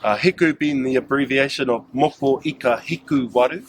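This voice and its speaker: A man's voice: mid-range voice, brisk, a little hiss or hum. A man with a New Zealand accent guiding a staff group, telling them about local sites and often asking them questions. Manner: engaging, asks the group questions. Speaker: cultural guide leading staff. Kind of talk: outdoor cultural site talk to a group.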